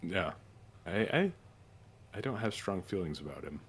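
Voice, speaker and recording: A man's voice: low voice, big pitch swings, normal speed, vocal fry, husky. A man co-hosting a podcast in casual chat, musing aloud, rambling and laughing easily. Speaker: podcast co-host.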